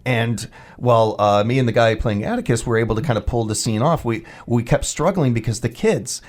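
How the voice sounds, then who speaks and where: Rambling, mid-pitched radio host. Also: male voice, brisk, a little mellow. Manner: rambling, with many fillers. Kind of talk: casual radio interview.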